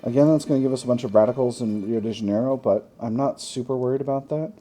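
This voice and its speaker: A man's voice: medium pitch, fast, warm tone, faint music behind. A man hosting a gaming channel, chatting through a strategy game, thinking aloud with wry self-mocking asides.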